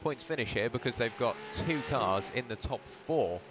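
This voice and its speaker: Race commentator, even chatty play-by-play, noticeable background hiss. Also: male voice, medium pitch, moderate pace, lo-fi sound. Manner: steady, conversational play-by-play. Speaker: lead commentator. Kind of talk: sim racing commentary.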